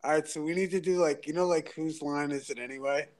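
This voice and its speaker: Man, guest, slightly high voice, rambling, excited, filler-heavy, casual chat. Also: quick pace.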